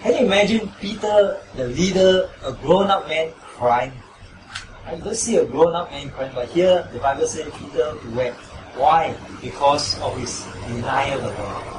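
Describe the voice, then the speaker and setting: Male pastor, pitched a bit high, emphatic sermon; roomy hall, distant noisy mic. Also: a little slow. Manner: emphatic, repetitive, asks listeners "right?". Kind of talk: sermon and closing prayer.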